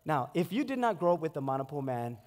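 Pastor, 40s, storytelling sermon, high pitch, reverberant sanctuary. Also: male voice, fast talker. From Hawaii. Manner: storytelling, animated acted-out quotes. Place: church sanctuary. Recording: long hall reverb.

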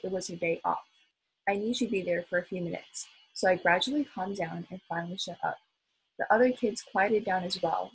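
A woman reading a children's novel aloud, expressive, with small slips and restarts. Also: mid-range voice, slightly rough, low-quality recording. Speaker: volunteer reader.

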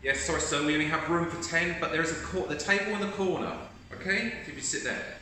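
A man's voice: a little high, fast, pushed and bright, pitched above the performer's own voice. Man doing an apologetic, polite barista. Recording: echoey room, distant mic, faint hiss.

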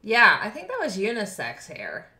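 A woman's voice: mid-range voice, wildly swooping pitch, normal speed, pushed and bright, reverberant. A woman streaming a game live, chatting with her viewers, thanking them and laughing often. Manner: bubbly, reads and thanks chat, laughs often. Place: home room.

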